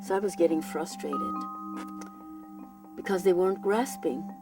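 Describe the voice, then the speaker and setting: A woman in her eighties, born in Europe, giving personal testimony in an earnest, halting way, often repeating and restarting words. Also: fairly low pitch. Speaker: Holocaust survivor giving testimony. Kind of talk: personal testimony, recalled aloud. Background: soft instrumental music.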